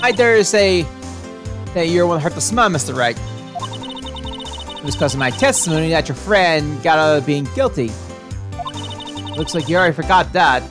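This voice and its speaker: A woman's voice: sits low, wildly swooping pitch, moderate pace, pauses often, over music. A woman voicing a brash, pushy woman photographer from a video game, with a put-on Southern drawl and folksy, boastful talk.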